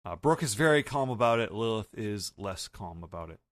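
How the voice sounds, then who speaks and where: A man hosting a podcast, recapping an anime episode in a casual, halting way with many fillers. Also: on the low side, animated, no room sound, studio quality. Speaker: podcast host.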